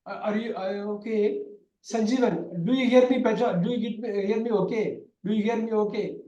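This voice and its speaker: Loud teacher, high voice. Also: male voice, a little fast, lo-fi sound. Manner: loud, repetitive explaining with many fillers. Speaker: English teacher. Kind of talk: online class lecture. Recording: echoey room.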